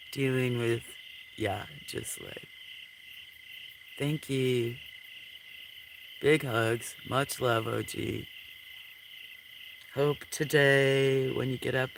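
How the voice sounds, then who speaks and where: Sleepy guy on a late night stream, super slow, gravelly, crickets and frogs all around outside. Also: medium pitch. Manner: sleepy, yawning, slow and relaxed. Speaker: livestream host. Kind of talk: late-night casual chat with viewers. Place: outdoors at night by a creek. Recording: outdoor night ambience with insect noise. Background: crickets, frogs and insects.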